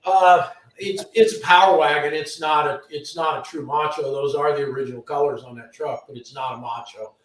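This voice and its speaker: A man chats easily on a live stream, reading off names from the chat. His voice sits a little high. He sounds distant from the mic, and the garage around him rings with echo. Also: fairly even intonation, fairly quick. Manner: easygoing, reads chat names aloud. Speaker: shop owner hosting a live stream. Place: garage shop. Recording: echoey shop from far off.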